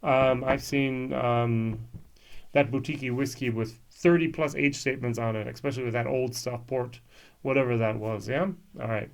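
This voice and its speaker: A man's voice: medium pitch, steady tone, moderate pace, gravelly. Man musing through a tasting. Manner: musing, frequent fillers and restarts. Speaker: whisky reviewer. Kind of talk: casual tasting review.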